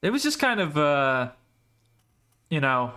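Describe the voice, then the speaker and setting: A young man playing a game with a friend, chatting casually, swearing and yelling in mock outrage. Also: a little high, very animated, clear, resonant tone. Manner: loud, swearing, quick to yell in mock outrage. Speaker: gaming channel host. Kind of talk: casual co-op gameplay banter.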